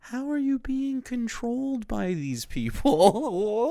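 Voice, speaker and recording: A man's voice: high voice, expressive, measured pace, hardly any pauses, clear, resonant tone, dry recording, clean studio sound. A man streaming live, reacting to a video with sarcastic, profane, mocking commentary.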